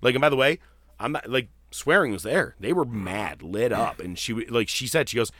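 A man hosting a casual wrestling podcast, telling stories in a profane, animated way. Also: mid-range voice, moderate pace, no room sound, clean studio sound. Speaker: podcast host.

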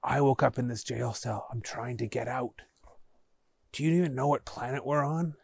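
A man voicing a boy prisoner lost in a dark sewer, speaking in a quiet, hushed way. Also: medium pitch, normal speed, gravelly, breathy edge, no room sound, clean studio sound.

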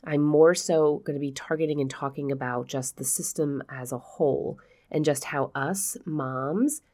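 A woman's voice: low voice, normal speed, dark tone. A woman hosting a podcast in casual chat, with a stuffy, nasal voice from a cold, talking frankly and laughing often. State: stuffy nose. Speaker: podcast host.

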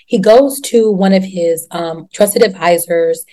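A woman hosting a casual chat, recapping a TV show in a slangy, profane, animated way and acting out the characters. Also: fairly low pitch, unhurried.

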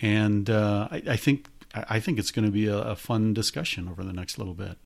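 Middle-aged guy hosting a podcast, kinda low voice, rambly, lots of uhs. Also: fairly even intonation, brisk, vocal fry. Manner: rambling, with many hesitations. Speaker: podcast host. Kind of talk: casual podcast chat.

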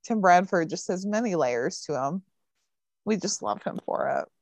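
A woman's voice: lowish voice, lively intonation, moderate pace, creaky, a little mellow, dry recording. Chatty woman recapping a TV episode. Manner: chatty, lots of fillers like "um" and "like". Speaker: podcast co-host recapping a TV episode. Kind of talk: casual recap chat.

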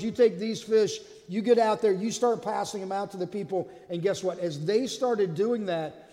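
A man preaching a sermon as lead pastor, telling stories and acting out the quotes with lively energy. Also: high-pitched, in a large hall. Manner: animated storyteller, acts out quotes.

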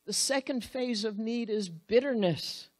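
Woman, Bible teacher, sermon, slow delivery, earnest, talks to husbands. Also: on the high side, darkish tone, no room sound. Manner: earnest, speaks directly to husbands, acts out quotes.

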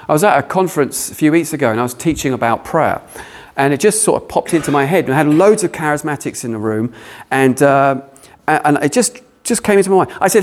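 A man preaching a sermon, animated with playful asides. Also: fairly high pitch. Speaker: pastor.

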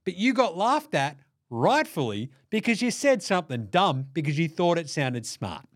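A man's voice: on the high side, sing-song, normal speed, no echo, studio quality. A man hosting a solo basketball podcast, sarcastic and profane as he riffs on the day's games. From Australia. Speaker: podcast host. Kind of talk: solo sports podcast rant.

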